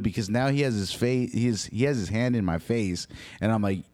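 Young adult man, low voice, profane and animated storyteller, dry close sound. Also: fairly quick, dry recording. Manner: profane, animated, quotes people in dialogue. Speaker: storyteller recounting a dispute. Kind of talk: casual storytelling.

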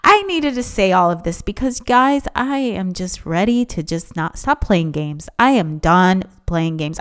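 Animated woman with a lively voice. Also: on the low side. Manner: emphatic, animated, acts out quoted voices. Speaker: podcast host. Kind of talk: casual solo podcast monologue.

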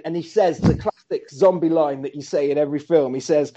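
A man excitedly recapping a horror film in casual chat, acting out the characters' lines. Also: fairly high pitch, moderate pace, hardly any pauses. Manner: animated storyteller, acts out characters' lines. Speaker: podcast co-host recapping a film. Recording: slightly dull lo-fi recording.

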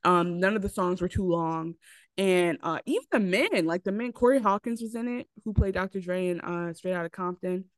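Animated woman retelling movies. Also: fairly low pitch, normal speed, no room sound. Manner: animated storytelling with acted quotes. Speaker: podcast co-host. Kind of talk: casual chat.

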